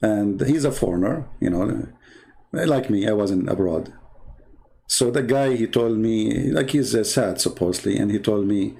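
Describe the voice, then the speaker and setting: Gravelly man with an Arabic accent. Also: lowish voice, normal speed, warm tone. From Middle East. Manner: mocking, sarcastic ranting. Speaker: live stream host. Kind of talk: casual livestream monologue.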